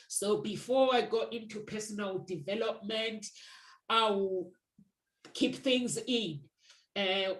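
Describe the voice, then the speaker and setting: A woman's voice: mid-range voice, echoey room, poor audio. A woman who works as a matchmaker, talking earnestly and reflectively in a casual conversation, sharing personal stories.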